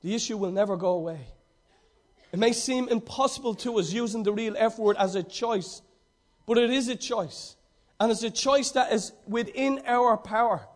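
A man's voice: sits high, normal speed. A man preaching a sermon, emphatic and repeating his key phrases.

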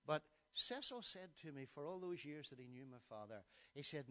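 A Northern Irish preacher in his sixties delivers a sermon in a high, ringing voice. He drops to a near-hush to tell a story, then climbs to loud, emphatic declarations. The tone stays bright and forceful throughout. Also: very animated, fairly quick, few pauses. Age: 60s.

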